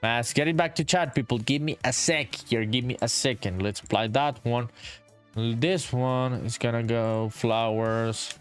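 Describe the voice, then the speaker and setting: A man with a medium-pitched, unhurried voice streams himself building an indie game, chatting casually as he works. He reads viewers' comments aloud, swears often, and keeps saying "dude," all in a laid-back way, with soft music in the background.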